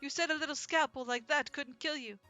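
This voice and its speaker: A woman's voice: high-pitched, brisk, bright, forceful tone, faint music behind, pitched above the performer's own voice. A woman voicing a proud, haughty young male pigeon aristocrat in a dating game, speaking indignantly. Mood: distressed.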